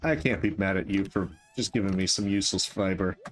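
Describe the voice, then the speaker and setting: Deep-voiced and talking a little fast, this streamer keeps up casual commentary on his game, teasing and chatting with the characters while faint game music plays.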